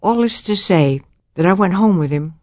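A woman's voice: lowish voice, expressive, normal speed, darkish tone, no room sound, studio quality. An older woman giving a Christian testimony about her life, telling it dramatically and acting out the voices of the people in her story.

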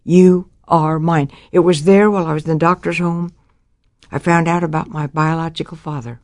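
A woman's voice: deep voice, a little fast, dry recording, studio quality. An older woman giving a Christian testimony about her life, telling it dramatically and acting out the voices of the people in her story.

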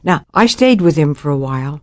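A woman's voice: deep voice, lively intonation, brisk, a little mellow, no room sound, studio quality. An older woman giving a Christian testimony about her life, telling it dramatically and acting out the voices of the people in her story.

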